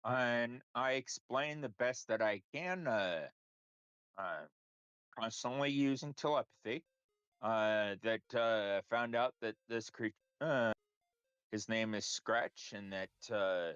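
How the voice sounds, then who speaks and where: A man playing his character in a tabletop game, explaining slowly and hesitantly with many fillers. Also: mid-range voice, fairly bright tone, clean tone, no echo, muffled recording. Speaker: player.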